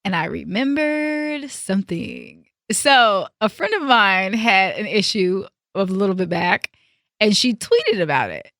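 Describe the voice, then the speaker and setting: A young woman hosting a podcast, telling a story in a casual, animated and emphatic way, with some swearing. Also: medium pitch, unhurried, no room sound, studio quality. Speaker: podcast host.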